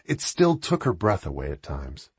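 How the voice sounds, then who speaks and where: Husky male audiobook narrator, low and animated, dry close sound. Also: moderate pace, dry recording.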